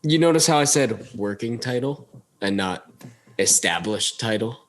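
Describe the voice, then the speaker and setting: A man's voice: medium pitch, unhurried, a little hiss or hum. Laughing man co-hosting a podcast. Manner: animated, acts out movie lines with laughs. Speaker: podcast co-host. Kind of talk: casual chat.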